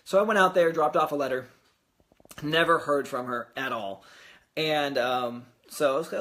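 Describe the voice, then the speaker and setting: Young man, somewhat high voice, rambling casual vlog talk, lots of ums. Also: lively intonation, moderate pace, a bit bright. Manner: chatty, rambling, many fillers and restarts. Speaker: real estate investor vlogger. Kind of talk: casual screen-recorded vlog.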